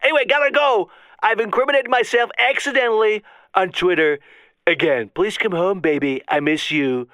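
A man voicing a boastful, bumbling male president in a comedy radio sketch, rambling with a wildly swooping pitch. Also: moderate pace, pushed and bright, no echo.

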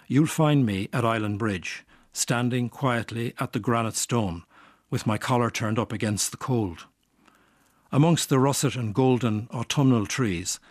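An older man reading a reflective personal essay in a measured way. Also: mid-range voice, no echo, studio quality. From Ireland.

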